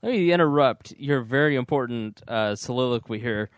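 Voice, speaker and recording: A man co-hosting a casual podcast, teasing his co-hosts and retelling clips with animated jokes. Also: medium pitch, moderate pace, smooth, dry recording, clean studio sound. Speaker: podcast co-host.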